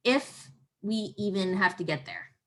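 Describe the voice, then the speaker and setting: A woman's voice: mid-range voice, very animated, unhurried. Upbeat woman doula reading out a birth plan with easy laughter, mid-range voice. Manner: upbeat, laughs easily, reads questions aloud. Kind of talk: casual birth-planning chat.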